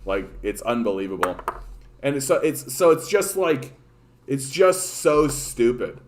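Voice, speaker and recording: Male livestream host from Canada, mid-pitched, rambling sarcastic rant full of swearing and false starts. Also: animated, unhurried, noisy background. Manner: profane, rambling, sarcastic, many restarts. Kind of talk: casual ranting livestream chat.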